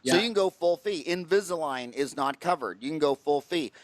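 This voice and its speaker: A man hosting a dental podcast, a dentist himself, asking blunt, quick questions and cutting in. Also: fairly high pitch, expressive, no echo. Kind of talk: podcast interview.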